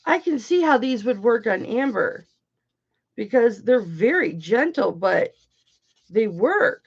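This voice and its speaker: Woman running a jewelry sale stream, gravelly voice, cheeky jokes, dull muffled audio. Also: a little high, sing-song, slow pace. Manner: chatty, bawdy joking while working. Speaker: online jewelry auction host. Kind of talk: casual livestream selling chat.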